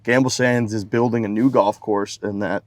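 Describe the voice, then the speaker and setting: A man hosting a golf podcast in casual chat, halting and chatty. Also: lowish voice, fairly even intonation. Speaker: podcast host.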